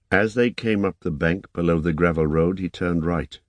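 A man narrating an audiobook in a measured, even reading. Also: deep voice, dry recording.

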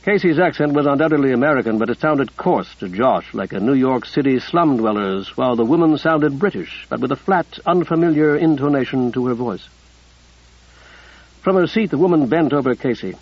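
This audiobook narrator is a man whose mid-range voice has a breathy edge. He tells the story in a steady, measured way, and the recording sounds muffled.

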